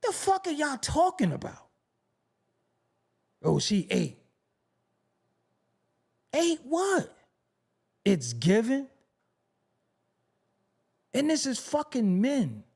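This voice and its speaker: Brooklyn host, male, New York accent; loose unscripted rant, slow and lively, swears freely. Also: very high-pitched. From Brooklyn, New York City. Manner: profane, animated, mocking, rhetorical questions. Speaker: show host. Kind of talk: unscripted rant to a live stream audience.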